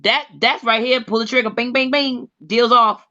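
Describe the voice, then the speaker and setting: A man's voice: very high voice, fairly even intonation, moderate pace, bright, forceful tone, lo-fi sound. A man in casual chat, talking in a blunt, emphatic, lecturing way. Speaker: co-host.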